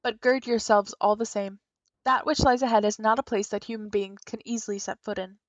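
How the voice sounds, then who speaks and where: A woman's voice: medium pitch, fairly even intonation, a little fast, no room sound, dull audio, natural voice. A woman voicing a proud, grandiose female spirit guardian in a video game, speaking in a pompous, theatrical formal manner.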